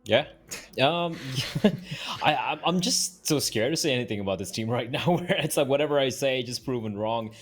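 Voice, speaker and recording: Lively, animated esports analyst man. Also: medium pitch, normal speed. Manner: animated, laughing, stammering restarts. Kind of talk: casual panel banter.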